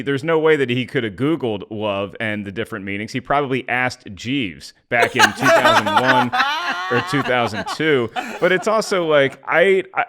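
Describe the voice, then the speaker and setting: Rambling male podcast host, lively pitch, self-deprecating jokes. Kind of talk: casual chat.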